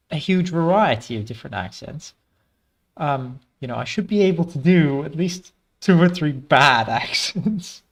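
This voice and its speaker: A man hosting a casual gameplay stream, talking in a rambling way with many fillers and restarts. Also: fairly high pitch.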